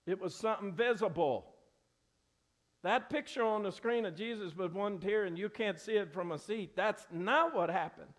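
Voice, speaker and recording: A man's voice: high voice, normal speed, a bit bright. A middle-aged man preaching a sermon in a church, earnest and conversational, often restarting his sentences. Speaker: pastor. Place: church sanctuary.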